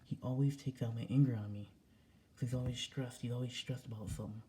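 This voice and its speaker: A man's voice: mid-range voice, steady tone, fast, noisy background. A young man ranting casually to his camera at home, repeating himself and swearing as he talks. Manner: repetitive, agitated, swearing. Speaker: vlogger. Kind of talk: casual vlog rant. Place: home indoors.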